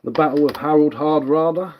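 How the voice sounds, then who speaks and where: Here the woodcarver sounds a little high and a little quick, with the top frequencies cut off and slight noise behind him. He's an Englishman with Cockney speech touched by Sussex, chatting loosely on his bushcraft stream and responding to viewers.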